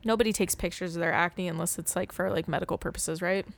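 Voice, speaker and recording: A woman's voice: fairly low pitch, steady tone, quick pace, creaky. A young adult woman co-hosting a podcast, chatting enthusiastically and agreeing often. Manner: enthusiastic, lots of agreeing murmurs. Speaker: podcast co-host. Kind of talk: casual chat.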